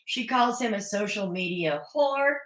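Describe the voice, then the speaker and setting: A woman's voice: medium pitch, expressive, unhurried, fairly bright tone, roomy sound. A woman recapping a reality show in a casual, chatty way, opinionated with sarcastic asides. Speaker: recap vlogger. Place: home.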